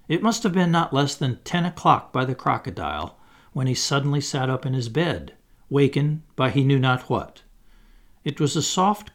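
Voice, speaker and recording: Man reading a storybook dramatically. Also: medium pitch. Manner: expressive, dramatic, slows for suspense. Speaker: audiobook reader. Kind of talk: scripted storybook narration.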